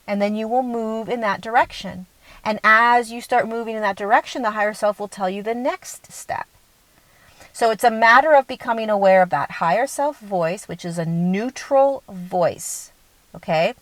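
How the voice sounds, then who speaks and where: A woman's voice: a little high, moderate pace, no room sound, poor audio. A woman giving a spiritual talk as a teacher, earnest and often checking in with the listener.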